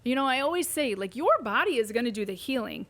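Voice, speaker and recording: Animated woman telling a patient story. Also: on the high side, quick pace. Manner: animated, acts out quoted voices. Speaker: pelvic physical therapist, guest. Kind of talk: conversational storytelling interview.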